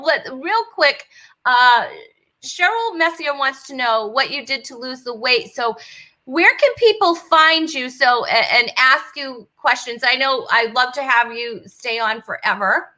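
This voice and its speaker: A woman's voice: high voice, sharp tone, poor audio. A woman from New England hosting a casual online talk show, chatty, with frequent laughs and fillers over a video call. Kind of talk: casual chat.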